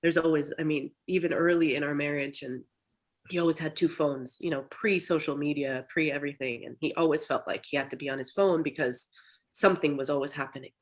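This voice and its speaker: A woman speaking candidly as a therapy client, talking in a halting, reflective way with many restarts, over a video call. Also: sits low, fairly even intonation, low-quality recording. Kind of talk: candid personal talk.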